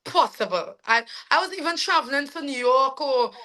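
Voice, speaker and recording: A young woman with a Trinidadian accent, telling her life story as a guest in a casual interview, animated and quick to laugh. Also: high-pitched. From Trinidad and Tobago. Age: young adult. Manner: animated, laughs often, trails off with fillers. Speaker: soca artist guest.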